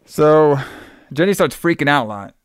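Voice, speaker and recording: A man casually recapping a horror movie on a podcast, rambling and swearing, with quick acted-out quotes. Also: on the high side, animated, smooth, no echo. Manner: rambling, profane, acts out characters in quick quotes. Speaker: podcast co-host.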